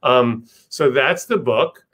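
A man's voice: mid-range voice, takes it slowly, a bit bright, low-quality recording. Man reading his picture book aloud.

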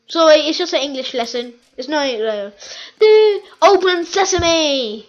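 A woman giving excitable, chatty commentary over her own gameplay video, repeating phrases over and over. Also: very high-pitched, unhurried, hardly any pauses, highs cut off. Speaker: gaming video host.

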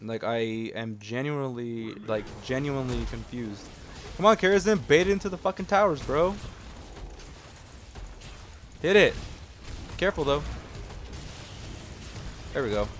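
A young man commentating his own gameplay, excitable and casual, yelling at teammates and swearing, then calmly explaining strategy. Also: mid-range voice, unhurried, long pauses, a little hiss or hum.

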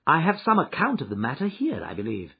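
A man voicing a shrewd, confident detective who lectures in a brisk, precise way, in a dull, muffled recording. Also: fairly high pitch, huge pitch swings, creaky, slightly rough, full character voice. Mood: grave. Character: shrewd confident male detective, middle-aged. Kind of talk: audiobook character reading.

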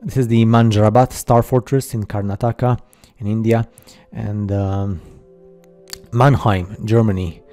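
A man talks over a slideshow in a very dark, mellow voice set fairly low. He narrates casually and haltingly, with many fillers and skeptical asides. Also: fairly even intonation, soft background music. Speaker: video narrator.

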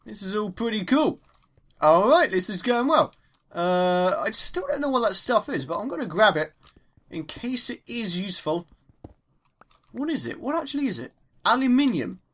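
A man's voice: high voice, moderate pace. Young english guy doing a let's play, chatty and jumpy, gasps at every new ore. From England. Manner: excitable, chatty, exclaims at each find. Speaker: gaming YouTuber.

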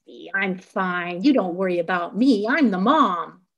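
A woman reading aloud, voicing a drunk mother who slurs her words slowly. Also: medium pitch, animated, a bit bright, lo-fi sound. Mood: slurring. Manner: slurred, slow. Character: drunk slurring mother, sleepy and dismissive.

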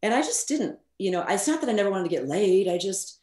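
A middle-aged woman, a recording engineer, recounts stories during a laid-back interview in an outspoken, spirited manner full of casual profanity and fillers. Her medium-pitched voice moves at a quick pace, and the space adds a roomy echo.

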